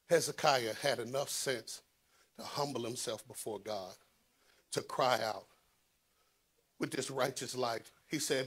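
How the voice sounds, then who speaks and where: A man preaching a sermon, swinging between loud rises and low hushed asides. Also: lively intonation, slow, slightly rough. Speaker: pastor.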